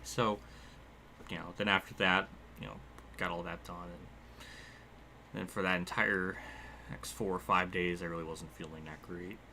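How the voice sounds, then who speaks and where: A young man casually talking through a racing game livestream, excitable, laughing often and quick to swear. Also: deep voice, gravelly, a little hiss or hum.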